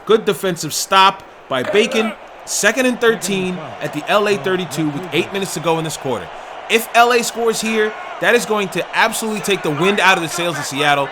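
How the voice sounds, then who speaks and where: A man doing excited play-by-play commentary on a football video game stream, often shouting and openly indignant about the officiating. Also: high-pitched, brisk, background noise.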